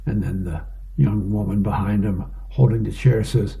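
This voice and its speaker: A man's voice: on the low side, fairly even intonation, normal speed, vocal fry, warm tone. A man casually reading an advice column and newspaper comics aloud, describing each panel with small fillers.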